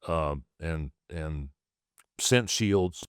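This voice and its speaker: A man's voice: very deep voice, drawn-out words, smooth, no echo, clean studio sound. A man hosting a casual interview, explaining at length and prompting his guest. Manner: talks in long explanatory runs, prompts the guest. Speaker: podcast host.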